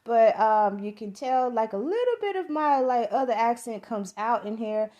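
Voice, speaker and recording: A woman's voice: fairly high pitch, animated, moderate pace, dark tone, lo-fi sound. A middle-aged woman from the American South with a Southern accent, giving a rambling, profane, enthusiastic movie review as a podcast host.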